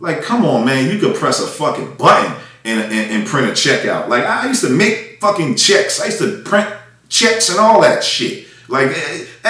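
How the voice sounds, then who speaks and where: An independent music artist with a slightly high, fairly bright voice delivers an angry rant that keeps circling back on itself. He is heated, profane, and repetitive, recorded in an echoey room with the mic at a distance.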